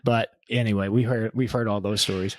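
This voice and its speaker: A man's voice: on the low side, fairly even intonation, a little fast, dry recording. Wry fifty-something man, dry sound. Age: 50s. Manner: easygoing, wry, trails off and restarts. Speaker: podcast co-host, financial advisor. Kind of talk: casual conversational podcast chat.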